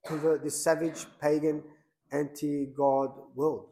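A man's voice: a little high, flat delivery, measured pace, gravelly, warm tone, rough recording. A man, a priest, preaching a sermon in a plain conversational way, with many fillers and restarts.

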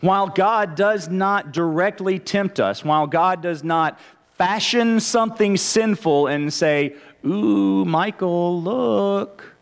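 A man's voice: sits high, measured pace, clean tone. A male pastor preaching a conversational sermon, often stammering and restarting his phrases. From Texas, United States.

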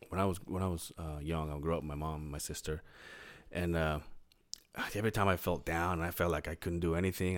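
A young adult man co-hosting a casual podcast, swearing freely, laughing often and telling stories with energy. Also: sits low. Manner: laughs a lot, swears freely, animated storytelling. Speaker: podcast co-host. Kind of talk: casual chat.

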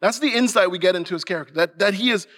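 A man's voice: high voice, racing, a bit bright. A male pastor preaching a sermon earnestly and emphatically, sometimes restarting a phrase.

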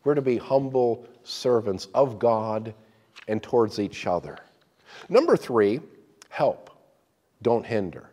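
A man's voice: mid-range voice, expressive, slow pace, pauses often, a little mellow, long reverb tail. A man preaching a sermon as pastor, emphatic and often repeating words as he restarts.

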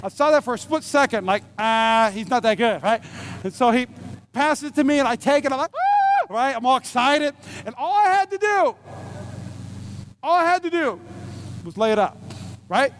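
High-voiced animated male pastor. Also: normal speed, pauses often, noisy background. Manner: animated storyteller, acts out scenes with exclamations; emphatic repetition of key phrases. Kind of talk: sermon with humorous personal story.

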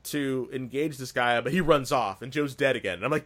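A man casually retelling a video game session on a podcast, rambling and excitable, with frequent restarts. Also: mid-range voice, a little fast.

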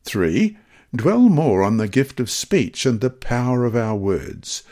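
A man reads scripture and a devotional story aloud at a middle pitch. His delivery is measured but expressive, swinging up and down a lot. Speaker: devotional reader.

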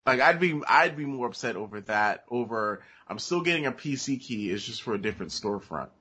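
A man co-hosting a casual gaming podcast, talking haltingly with a summer cold. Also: medium pitch, expressive, bright, forceful tone, husky. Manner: halting, many fillers and restarts. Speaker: podcast co-host.

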